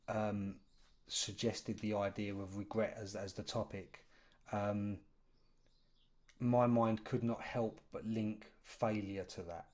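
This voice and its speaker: A man's voice: on the low side, a little mellow. A man co-hosting a podcast in casual conversation, talking at length with lots of "you know" fillers. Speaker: podcast co-host.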